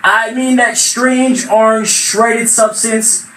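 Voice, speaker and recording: Young guy doing open mic comedy, kinda high voice, far off mic in a roomy space. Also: slow. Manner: animated storytelling, bursts into shouted voices. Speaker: stand-up comedian. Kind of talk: open mic stand-up routine. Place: small venue at open mic night. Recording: echoey room, far from mic, noisy.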